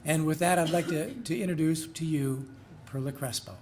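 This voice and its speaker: Middle-aged school administrator, slightly high voice, rambling, faint room noise. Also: male voice, moderate pace, a little mellow. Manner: folksy, rambling, self-deprecating. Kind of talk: ceremony introduction speech.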